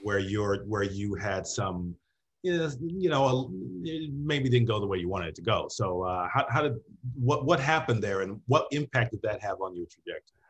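A man interviewing a guest, asking questions haltingly with many fillers. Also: fairly low pitch, expressive.

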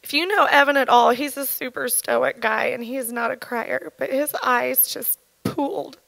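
A woman in her thirties giving an earnest, halting personal testimony at church, her voice shaken with emotion. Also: high voice, creaky, a bit bright, dry recording, low-quality recording. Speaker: church speaker sharing testimony.

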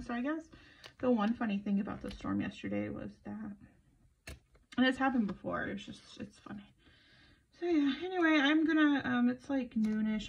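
A middle-aged planner vlogger sounds tired, her fairly high voice carrying vocal fry over slight background noise. She rambles casually as she plans and makes self-deprecating jokes, recorded on slightly dull, lo-fi audio.

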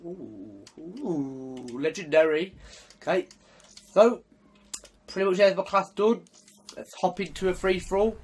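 A young man casually commentating his own shooter game, excitable and swearing, trash-talking as he plays. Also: fairly high pitch, a little hiss or hum. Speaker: gaming commentator.

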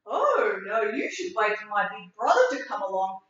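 A woman's voice: mid-range voice, very animated, normal speed, fairly bright tone. A woman voicing a hesitant middle-sized billy goat in a storybook reading. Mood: nervous. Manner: hesitant, with ums. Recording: echoey room from far off, dull.

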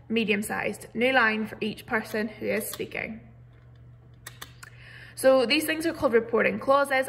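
A young woman teaches a recorded grammar lesson, her fairly high voice edged with a gravelly fry. She explains each rule patiently, step by step, and stresses the example words as she reads them aloud. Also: fairly bright tone. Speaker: primary school teacher.

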